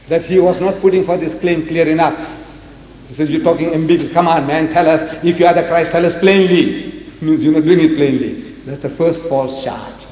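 An older man giving an animated public debate lecture, quoting scripture and acting out dialogue. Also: fairly high pitch, slight background noise. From South Africa. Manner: emphatic, animated, quotes scripture and acts out dialogue. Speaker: lecturer on religion. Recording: echoey hall, long reverb.

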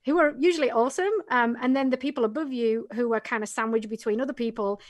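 A woman's voice: on the high side, quick pace, no echo. Chatty English woman, middle-aged. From England. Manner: chatty and talkative. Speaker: guest, business coach. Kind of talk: casual podcast interview.

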